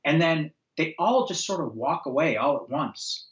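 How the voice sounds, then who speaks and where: A man's voice: a little high, moderate pace, lo-fi sound. A man from upstate New York, a guest on a podcast, telling an anecdote in casual conversation and acting out the quotes with lots of fillers. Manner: animated storyteller, acts out quotes, frequent fillers. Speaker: guest, former record label owner.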